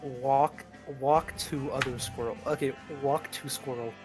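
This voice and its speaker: A male tabletop player talking in a mid-range voice. He is impulsive and stammers through his ideas, with music clearly under the talk. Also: mid-range voice, steady tone, unhurried. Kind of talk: casual tabletop play.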